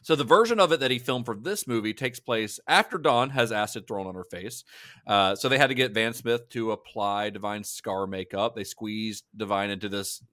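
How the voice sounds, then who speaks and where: A man's voice: on the low side, normal speed, pushed and bright, dry recording, studio quality. Chatty laughing male podcast host. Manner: chatty storyteller, laughs often, many fillers. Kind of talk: casual film podcast chat.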